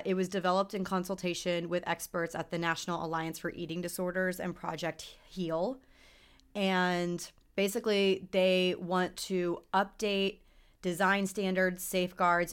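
A young woman co-hosting a casual podcast chat, her voice sitting a touch low. She talks earnestly and gets emotional, rambling through her thoughts with plenty of fillers. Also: smooth. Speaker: podcast co-host.

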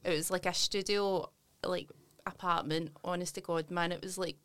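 A woman's voice: on the low side, fairly even intonation, moderate pace, fairly bright tone, clear, resonant tone, no echo. Scottish female stand-up guest, blunt and sweary, laughs a lot, casual podcast chat. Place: studio, across a desk from the host.

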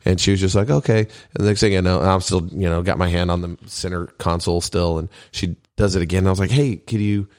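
A man in casual chat, telling a story at length and growing animated as he quotes himself and his wife. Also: sits low, quick pace, few pauses, no room sound, studio quality. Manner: storytelling, animated when quoting.

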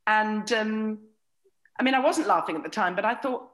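A woman's voice: medium pitch, lively intonation, normal speed, a bit bright. A middle-aged woman, a comedian guest, telling wry, sweary anecdotes and acting out the voices of others. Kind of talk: anecdotal podcast chat.

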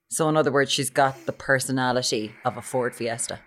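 A woman from Limerick with an Irish accent, co-hosting a casual chat podcast, animated and mocking. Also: very deep voice, fairly quick, few pauses. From Limerick, Ireland. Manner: animated, mocking, mimics others. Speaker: podcast co-host.

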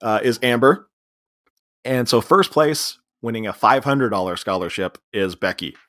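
A man's voice: medium pitch, expressive, normal speed, fairly bright tone. A man co-hosting a podcast, casually recapping a comedy film, laughing often and acting out quoted lines. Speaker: podcast co-host. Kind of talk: casual movie recap chat.

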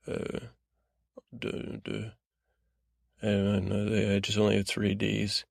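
A man's voice: lowish voice, completely flat delivery, measured pace, creaky, pauses often, no echo, clean studio sound. A man hosting a sleep podcast, giving a meandering, rambling bedtime recap that drifts off track. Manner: rambling, digressive, trailing off.

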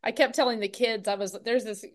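A woman hosting a podcast interview, telling a story with animated energy and acting out her own thoughts. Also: fairly high pitch, fairly quick. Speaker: podcast host. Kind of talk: casual interview chat.

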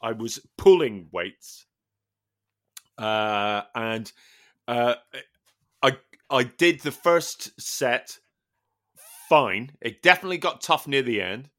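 A man co-hosting a casual podcast chat, telling an animated story with plenty of swearing and laughter. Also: mid-range voice, slow pace, long pauses. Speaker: podcast co-host.

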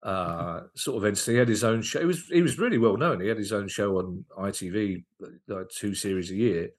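A man, a guest comedian, chatting casually on a podcast and telling anecdotes, often stopping and restarting mid-sentence. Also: on the low side. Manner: anecdotal, halting with frequent restarts.

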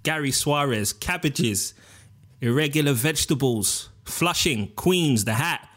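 A man's voice: a little high, expressive, measured pace, a bit bright. A man, co-hosting a podcast with joking, slangy banter. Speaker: podcast co-host. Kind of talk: casual chat.

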